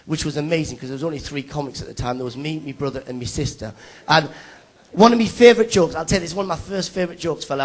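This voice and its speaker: Young man, stand-up comedian, rapid-fire delivery, gravelly, teasing banter, live stage mic. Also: fairly high pitch. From Middlesbrough, England. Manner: chatty, teasing banter with the audience. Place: stage at a live awards show.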